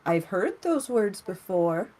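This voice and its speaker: A sly, flamboyant male shopkeeper from a tabletop game, as a woman game master puts him on, with a smooth, affectionate way of talking and an easy, slow drawl. His voice sits at a middling pitch, and he coaxes and flatters in each line. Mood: sly, charming. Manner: smooth, affectionate, says darling and honey.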